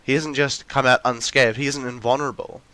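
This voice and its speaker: A man's voice: medium pitch, steady tone, brisk, sharp tone, no room sound. A young man in a ranty, rambling monologue, full of restarts and fillers, with mocking acted-out quotes of characters. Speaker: video essayist.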